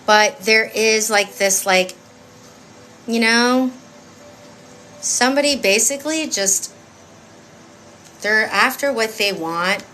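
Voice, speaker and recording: A woman's voice: a little high, slow, pauses often, bright, forceful tone, a little hiss or hum. A woman giving a live-stream tarot reading in a chatty, emphatic, rambling way with many fillers. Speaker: tarot reader.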